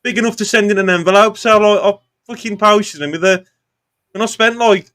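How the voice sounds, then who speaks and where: A man hosts a football fan phone-in in an upbeat, easygoing way, dropping "mate" into almost every sentence. His voice sits a little high. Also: brisk, pushed and bright. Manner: upbeat, says "mate" constantly. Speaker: phone-in host. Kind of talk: casual phone-in hosting.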